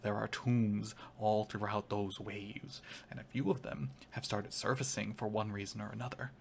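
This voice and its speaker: A man voicing a fat, scheming crocodilian crime lord in a tabletop game, with an Irish accent and a smooth, wheedling sales patter. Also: fairly low pitch, fairly even intonation, moderate pace, a little hiss or hum. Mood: ominous.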